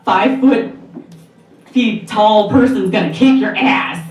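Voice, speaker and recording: A woman's voice: mid-range voice, slow, muffled recording, soft background music, pitched above the performer's own voice, lightly acted. A woman on stage at a live storytelling night, quoting a brave eleven-year-old boy who tells a stranger to leave. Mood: defiant. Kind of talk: live storytelling, quoted character. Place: bar, live storytelling event. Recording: roomy bar echo, distant mic.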